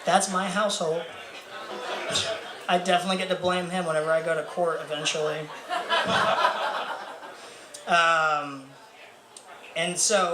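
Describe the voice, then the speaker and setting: A young comedian with a high-pitched, sharp voice keeps a steady tone and a moderate pace, leaving long pauses in his rambling, profane, self-mocking set. He performs for a live audience at a bar or club, full of fillers and laughter, in an echoey room with crowd noise.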